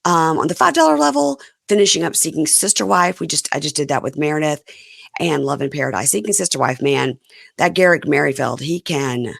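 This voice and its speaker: A woman in her fifties hosting a podcast, her voice hoarse and going out as she chats candidly about reality TV. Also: deep voice, a little fast, dry recording, clean studio sound. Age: 50s. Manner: chatty and candid, animated asides. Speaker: podcast host. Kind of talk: casual reality TV recap chat.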